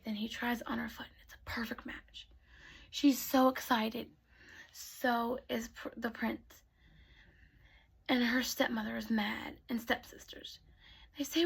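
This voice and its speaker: A woman telling bedtime stories to children in a soft voice that often drops to a whisper. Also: fairly high pitch, steady tone, measured pace, gravelly, long pauses, husky. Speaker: storyteller. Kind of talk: bedtime storytelling.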